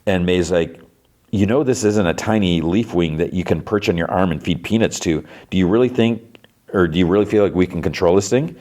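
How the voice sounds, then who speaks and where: A man hosting a podcast, casually retelling a TV episode in a rambling, filler-heavy way with quick asides. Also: sits low, darkish tone. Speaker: podcast host recapping a TV episode. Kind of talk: casual recap.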